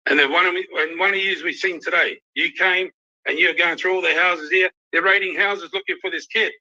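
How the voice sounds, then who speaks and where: Speaking a little fast in a high-pitched, steady, sharp voice, this Australian youth worker rants angrily and emotionally on a livestream, cursing nonstop. The stream audio sounds dull and lo-fi.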